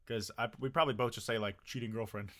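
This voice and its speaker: A man's voice: medium pitch, fairly even intonation, quick pace, bright, forceful tone. A young man co-hosting a podcast, chatting casually, swearing freely and laughing through his own stories. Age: young adult. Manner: laid-back, swears a lot, laughs while telling stories. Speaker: podcast co-host. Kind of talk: casual chat.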